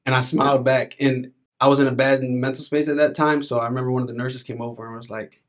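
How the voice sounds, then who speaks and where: A man in his thirties, appearing as a podcast guest, talks candidly and reflectively in casual conversation with frequent filler words. His voice is medium in pitch, steady in tone, and fairly quick.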